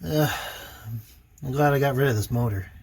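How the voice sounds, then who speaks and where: Working on his boat's engine in the sailboat cabin, an older man speaks at normal speed in a mid-range, slightly mellow voice with some vocal fry. He narrates the motor refit casually, in a dry, self-deprecating way, leaning on lots of fillers.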